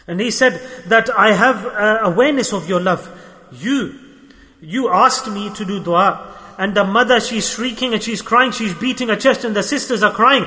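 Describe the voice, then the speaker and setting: With a high, sharp-toned voice at a moderate pace, a man delivers a fervent sermon, repeating himself and performing the voices of the people in his stories. The sound carries a long hall reverb.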